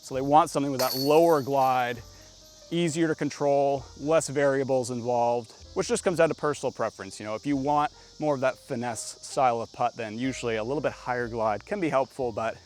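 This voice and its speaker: A man giving casual, chatty play-by-play of his own throws on a disc golf course outdoors, getting excitable on good shots. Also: medium pitch, brisk, slight background noise.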